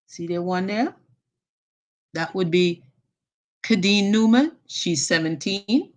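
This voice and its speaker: A woman's voice: medium pitch, lively intonation, takes it slowly, long pauses. A woman with a Jamaican accent hosting a casual live stream. She greets viewers by name with endearments and slips into patois phrases.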